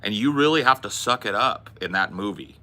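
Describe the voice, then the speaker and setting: A man's voice: on the low side, animated, fairly quick, pushed and bright. A man hosting a podcast, rambling casually and bluntly with plenty of swearing. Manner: rambling, profane, blunt movie opinions. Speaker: podcast host. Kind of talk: casual chat.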